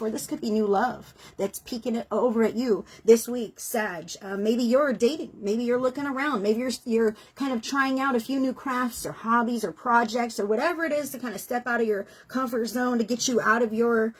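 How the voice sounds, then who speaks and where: A woman's voice: on the high side, a little fast, few pauses, breathy edge. A middle-aged woman giving a chatty, earnest tarot reading, emotional at times and swearing casually. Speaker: tarot reader.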